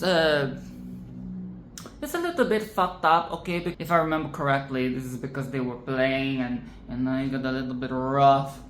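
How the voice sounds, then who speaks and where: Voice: medium pitch, a little hiss or hum. Dramatic, profane film-reaction vlogger. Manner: dramatic, animated and profane, repeats phrases for emphasis. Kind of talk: casual film commentary. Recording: roomy echo with faint ambience.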